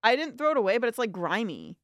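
A woman's voice: fairly high pitch, sing-song, fast, no room sound, studio quality. A woman in her twenties co-hosting a college radio show, telling a story in casual chat and acting out the lines she quotes. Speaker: radio co-host. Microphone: studio microphone.

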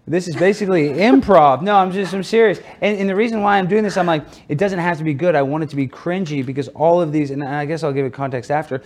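A man as an interview guest, telling stories in an animated, joking way. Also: a little high, fast talker, hardly any pauses. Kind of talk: casual interview talk.

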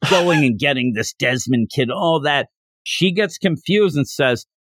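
Excitable man recapping a story. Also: a little high, a little slow, no room sound, clean studio sound. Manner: excitable, rambling storyteller with many restarts. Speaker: podcast co-host. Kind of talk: casual podcast chat recapping a manga chapter. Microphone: podcast microphone.

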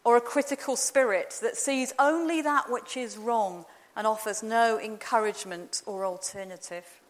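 A woman preaches in a measured, gentle, reflective way. Her voice sits a little high for a woman and carries a long hall reverb. The sound is a church sermon in a large resonant space.

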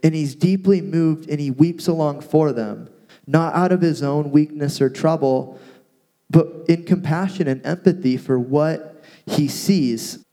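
A man co-hosting a casual talk, retelling a Bible story with playful asides and lively paraphrase. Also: on the high side, measured pace. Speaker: podcast co-host teaching from the Bible. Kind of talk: casual Bible teaching chat.

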